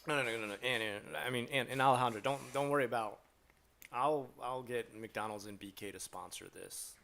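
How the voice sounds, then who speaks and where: A man's voice: mid-range voice, fairly quick, vocal fry, bright, forceful tone. A man chatting casually on a live stream, rambling and joking with lots of fillers as he answers his chat.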